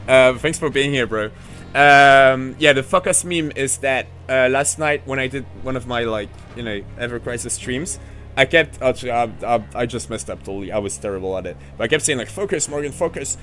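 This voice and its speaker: A man with a French accent, a French native speaker, chatting casually on a live game stream in a rambling, excitable way with lots of fillers. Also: medium pitch, moderate pace, soft background music.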